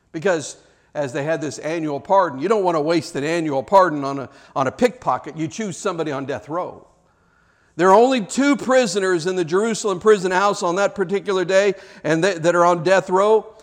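Male preacher, high voice, dramatic sermon storytelling with big dynamic swings. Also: expressive, moderate pace. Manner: dramatic, swings from loud shouts to hushed near-whispers.

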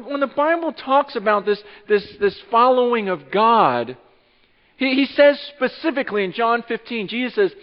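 A man preaching a sermon as pastor, animated and repeating his words, swinging from hushed to loud. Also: high-pitched. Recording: dull sound with long hall reverb.

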